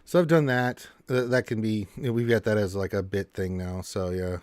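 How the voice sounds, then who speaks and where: A man's voice: on the low side, fairly even intonation, moderate pace, a little mellow, no room sound. A man hosting a casual gaming live stream, joking and rambling with lots of restarts into a close mic.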